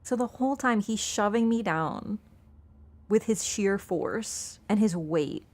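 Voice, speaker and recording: A woman's voice: medium pitch, animated, takes it slowly, darkish tone. A woman game streamer in casual live-stream chat, playful and chatty, talking to her cat between lines and laughing easily. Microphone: wearing an earbud headset.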